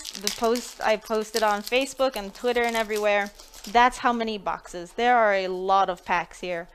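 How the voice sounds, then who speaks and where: A woman's voice: mid-range voice, clear, resonant tone. A woman chatting casually on a live stream while opening card packs, thinking aloud and laughing between remarks. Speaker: live-stream pack opener.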